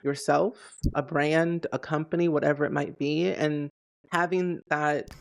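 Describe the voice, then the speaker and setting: A man's voice: on the high side, steady tone, a little slow, vocal fry, clear, resonant tone. A man hosting a casual interview, enthusiastic and peppering his questions with "like". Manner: enthusiastic, heavy use of "like". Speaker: podcast host.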